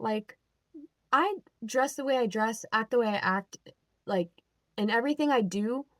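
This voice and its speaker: A young adult woman telling a story in a casual, animated rant, with lots of "like" and "um" and an exasperated edge. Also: medium pitch, dry recording. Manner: animated, filler-heavy, exasperated. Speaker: vlogger.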